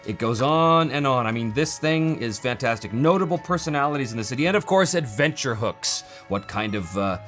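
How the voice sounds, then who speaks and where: Male host, mid pitch, eager and rambling, casual walkthrough, light background music. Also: animated, fairly quick, hardly any pauses, fairly bright tone. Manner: enthusiastic, rambling, many fillers and restarts. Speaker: channel host reviewing a game book.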